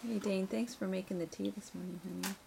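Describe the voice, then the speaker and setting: A woman filming a casual family vlog at tea time, chatting playfully and gently teasing her kids. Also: medium pitch, steady tone, quick pace, creaky. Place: castle tea room, indoors. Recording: home video with background noise.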